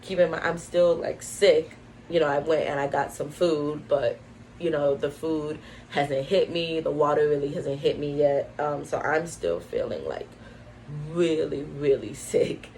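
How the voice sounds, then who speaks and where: A woman's voice: deep voice, unhurried, warm tone, a little hiss or hum, low-quality recording. A young woman vlogger telling a casual story at home, full of "like" and "um" fillers. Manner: chatty, lots of "like" and "um" fillers. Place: at home, indoors.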